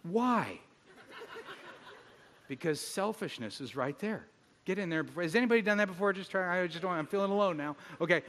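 A middle-aged man preaching a sermon as pastor, telling stories with animated, self-mocking humor. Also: medium pitch, a little fast. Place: church hall. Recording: long hall reverb.

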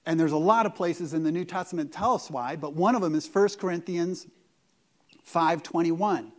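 High-voiced man preaching with animated swings. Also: normal speed. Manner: animated preaching, rhetorical questions, sudden swings in loudness. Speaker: pastor. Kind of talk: sermon.

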